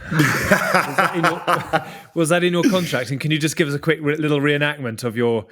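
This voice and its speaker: A man's voice: on the high side, moderate pace, pushed and bright. Teasing male podcast host. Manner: teasing, laughing questioner. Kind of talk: casual interview questions.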